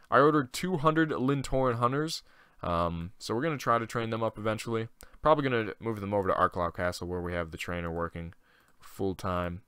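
A man's voice: medium pitch, a bit bright, clean tone, dry recording. A young man giving casual let's-play commentary, rambling and thinking aloud with loose profanity. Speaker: gaming channel host.

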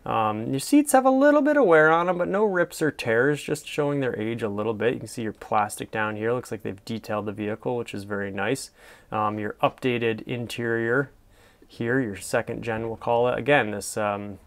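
A man with a smooth, resonant voice at an everyday middle pitch, talking through a car listing. He gushes with enthusiasm and rambles loosely, full of ums and restarts, in a relaxed commentary style. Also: normal speed. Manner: gushing, enthusiastic, meandering with fillers. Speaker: car reviewer. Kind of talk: casual commentary over photos.

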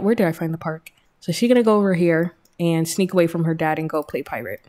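A woman hosting a let's-play, giving chatty, excitable commentary as she tells her game's story. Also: on the low side, a little fast. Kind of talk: casual gameplay commentary.

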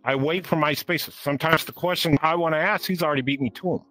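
Folksy co-host, male, bright edgy voice, rambling casual chat, faint music bed. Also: a little high, quick pace, poor audio. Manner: rambling, folksy, loose grammar. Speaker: co-host of interview show.

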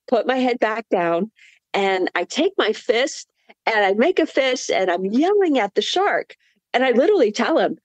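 A woman guest in an interview, telling a vivid story with laughter and animated asides. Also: medium pitch, measured pace, dry recording. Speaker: marathon swimmer guest.

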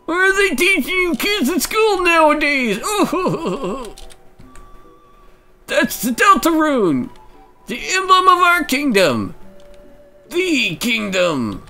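A croaky, straining old turtle shopkeeper from a video game grumbles about lazy youngsters and rambles off topic, as a woman puts him on. His voice is pushed high and bright and rises and falls a lot, and he drags out his words slowly. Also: sing-song, faint music behind, full character voice. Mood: rambling.

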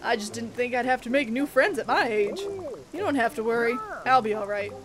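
A woman's voice: a little high, lively intonation, fairly quick, a crowd in the background, natural voice. A woman voicing a boastful, chatty old uncle frog as she reads a game aloud. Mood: wistful. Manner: boastful, reminiscing.

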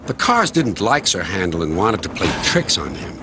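A man narrating a children's storybook in a measured, gently expressive way, with noise behind. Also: low-pitched.

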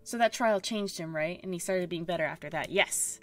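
A woman's voice: lowish voice, brisk. A woman streaming a story game, commenting casually in a chatty, wry way. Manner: chatty, wry, laughs often. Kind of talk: casual let's-play commentary.

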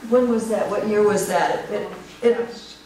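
A woman's voice: mid-range voice, measured pace, a little mellow, slight background noise. A woman, a board member, giving chatty informal remarks at a live community event. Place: community hall at a live poetry reading. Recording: echoey hall from far off.

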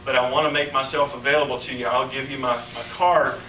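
An American man preaching a sermon, telling a healing story and acting out its dialogue, his voice climbing high as he gets excited. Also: fast, a little hiss or hum. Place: church or conference hall, live audience. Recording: echoey hall, voice from a distance.

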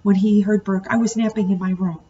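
A woman's voice: medium pitch, fairly even intonation, a little fast, dark tone, lightly acted. Woman reading as a plain older grandma, matter-of-fact, storybook, muffled distant sound. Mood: calm. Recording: distant muffled home recording, faint hiss.

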